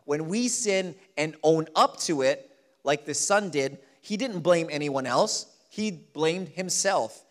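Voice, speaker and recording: A man preaching a sermon, stressing key lines slowly and acting out the people he quotes. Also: fairly high pitch, expressive. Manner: emphatic, repeats key lines slowly, acts out quoted voices. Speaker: pastor.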